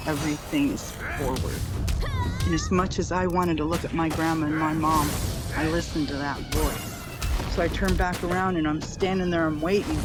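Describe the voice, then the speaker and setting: A middle-aged woman giving a personal testimony, telling her story earnestly in long run-on sentences with many repeated phrases. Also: lowish voice. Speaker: near-death experience storyteller. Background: clear background music.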